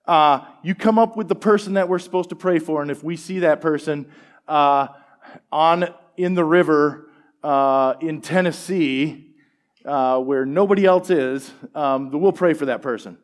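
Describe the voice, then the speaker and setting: A middle-aged man preaching a sermon and telling personal stories in a relaxed, conversational way, with plenty of fillers. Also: on the high side, normal speed. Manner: conversational, animated storytelling with fillers. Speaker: pastor. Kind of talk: sermon storytelling.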